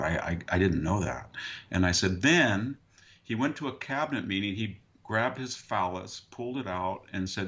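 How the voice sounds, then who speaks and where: Gravelly low-voiced man telling wry anecdotes. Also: lo-fi sound. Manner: dry, wry anecdotes with a deadpan punchline. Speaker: guest historian. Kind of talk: conversational storytelling. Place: rural farm valley region.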